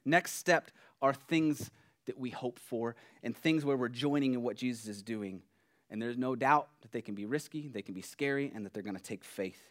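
A man preaching a sermon in an earnest, conversational way, dropping soft and then growing emphatic. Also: medium pitch, moderate pace. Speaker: pastor.

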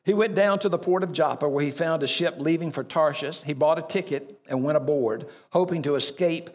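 A man's voice: on the high side, a little fast, husky. A man preaching a sermon as pastor, reading scripture aloud and breaking off into conversational asides to the congregation.

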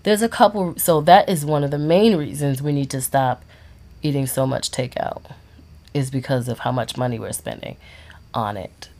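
Low-voiced expressive woman co-host. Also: normal speed. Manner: expressive, dramatic exclamations. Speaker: podcast co-host. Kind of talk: casual chat.

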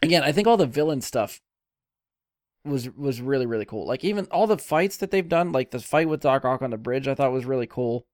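Male podcast host, mid-pitch, keen and casual, dry close mic. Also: animated, brisk, dry recording. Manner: enthusiastic, swears casually. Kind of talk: casual film discussion.

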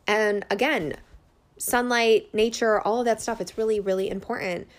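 This holistic healer and business owner, in her thirties, has a mid-range voice with fairly even intonation and a normal speaking speed. In her personal testimonial vlog she addresses viewers earnestly and openly, unscripted and rambling, with many fillers.

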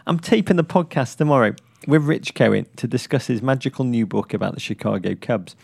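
A man co-hosting a podcast in casual comedic chat, playful and teasing, with jokes that jump up high. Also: expressive, a little fast, gravelly, a little mellow, breathy edge. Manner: playful, teasing, bursts into high jokey tones. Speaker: podcast co-host.

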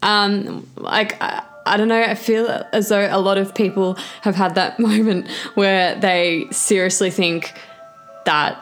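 A woman's voice: medium pitch, steady tone, unhurried, a bit bright, soft background music. Rambling, giggly young woman telling stories. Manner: chatty, rambling with many fillers and giggles. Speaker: podcast co-host. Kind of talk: casual chat, storytelling.

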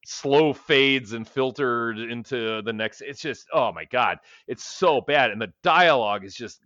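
A man's voice: medium pitch, a little slow, a bit bright, dry recording, highs cut off. A man co-hosting a podcast, ranting in a profane, casual way about a film. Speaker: podcast co-host. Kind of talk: casual chat.

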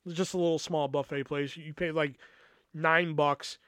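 Guy podcasting, rambling story time, swears a lot, kinda high smooth voice, dry close mic. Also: steady tone, moderate pace, fairly bright tone, dry recording. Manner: rambling, profane, lots of fillers. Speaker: podcast host. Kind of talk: casual storytelling.

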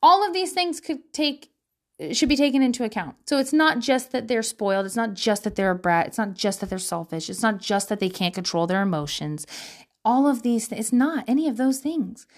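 A woman's voice: fairly high pitch, animated, fairly quick. A woman talking casually at home to her viewers about parenting, candid and swearing freely, with frequent laughter. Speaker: parent sharing parenting advice.

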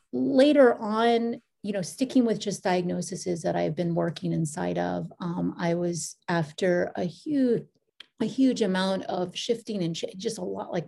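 A middle-aged woman, a podcast guest, telling her story in a meandering, casual way with restarts and lively quoted asides. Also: lowish voice, gravelly.

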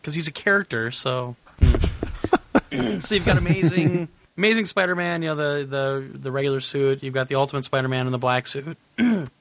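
A man hosting a gaming podcast in casual chat, rambling and correcting himself, laughing often, a little hoarse. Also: medium pitch, a little fast, fairly bright tone, slight background noise. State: losing his voice. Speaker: podcast host.

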